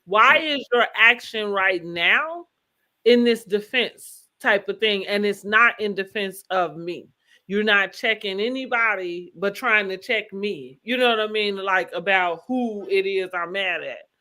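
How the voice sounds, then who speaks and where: Bright-voiced woman recapping reality TV. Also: mid-range voice, a little slow. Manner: animated, rhetorical questions, laughs easily. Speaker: podcast co-host. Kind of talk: casual reality-TV recap chat.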